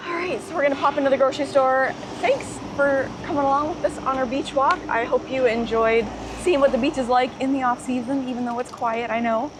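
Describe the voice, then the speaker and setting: A woman's voice: high-pitched, steady tone, brisk, few pauses. A woman chatting casually and laughing often while walking outdoors, filming a travel vlog. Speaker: travel vlogger. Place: outdoors on a busy street. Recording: street and traffic noise.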